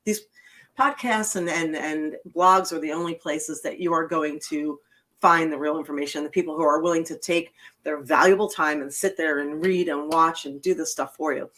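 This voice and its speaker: A woman's voice: deep voice, steady tone, normal speed, fairly bright tone. A woman hosting a political podcast, talking bluntly and emphatically, swearing freely in casual chat. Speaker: podcast host.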